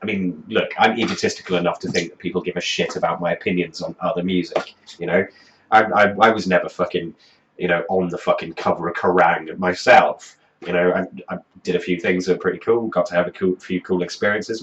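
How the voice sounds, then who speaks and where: A man's voice: deep voice, a little fast, a bit bright, highs cut off. A man delivering a profane comedic rant as a music review host, swearing constantly in a mocking, exasperated way.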